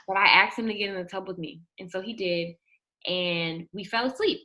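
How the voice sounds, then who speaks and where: Bright-voiced woman telling a lively story. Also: moderate pace. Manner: acts out the quotes, shrieking at the high points. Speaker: guest telling her birth story. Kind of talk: animated storytelling.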